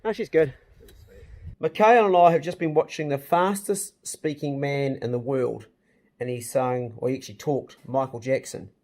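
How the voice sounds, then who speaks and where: A New Zealand man hosts his home vlog, chatting in a casual, jokey way full of matey slang. His voice is medium-pitched and somewhat dark, and he talks at a moderate pace with an easygoing manner.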